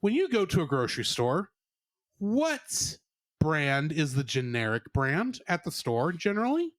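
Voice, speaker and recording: A man co-hosting a podcast, giving an animated, sarcastic movie review in casual chat. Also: a little high, measured pace, dry recording, studio quality. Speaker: podcast co-host.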